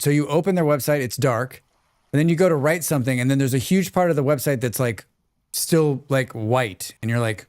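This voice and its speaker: A man's voice: mid-range voice, brisk, darkish tone, dry recording. A man streaming a survival game live, talking to himself in a casual, joking, grumbling way as he plays. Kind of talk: casual live gameplay commentary.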